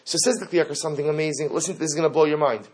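A man teaching a Torah class in a husky, slightly raised voice. He talks in an animated way, fires off rhetorical questions and weaves Hebrew terms into his English. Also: a little high, very fast.

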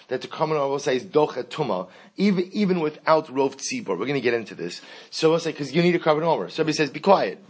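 A man teaching a Talmud lesson, switching between Hebrew and English, repeating key phrases and asking rhetorical questions. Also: medium pitch.

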